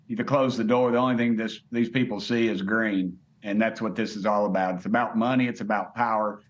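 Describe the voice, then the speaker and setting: A man's voice: lowish voice, muffled recording. A middle-aged man with a Southern US accent, a congressman talking bluntly and colloquially in a remote interview. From United States.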